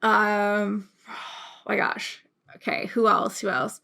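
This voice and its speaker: A woman's voice: medium pitch, little pitch movement, takes it slowly, creaky, pushed and bright. A young woman talking casually to camera in a rambling, emotional way, with many restarts and fillers. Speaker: YouTube creator.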